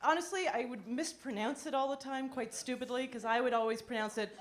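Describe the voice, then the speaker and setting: A woman performing a stand-up comedy set on a club stage, wry and self-deprecating, breaking into animated impressions. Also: fairly high pitch, brisk.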